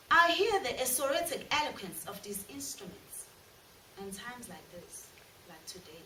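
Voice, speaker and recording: A drama student reciting a poem in a measured, rhythmic, declamatory way. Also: female voice, on the high side. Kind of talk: poetry recitation. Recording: echoey room, from far off, noisy.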